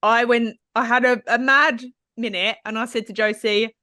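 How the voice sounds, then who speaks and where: Bright, chatty woman. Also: fairly high pitch, fairly even intonation, moderate pace, dry recording, studio quality. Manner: chatty, self-mocking storyteller who acts out quotes. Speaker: podcast co-host. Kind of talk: casual chat. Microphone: studio microphone, on camera.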